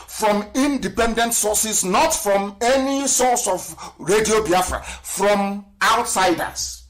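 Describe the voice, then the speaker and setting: A man's voice: sits high, slow pace. A middle-aged man, giving an impassioned live radio lecture. He asks rhetorical questions and spells words out letter by letter. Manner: rhetorical, spells words out letter by letter, swings between loud and hushed. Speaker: political broadcaster.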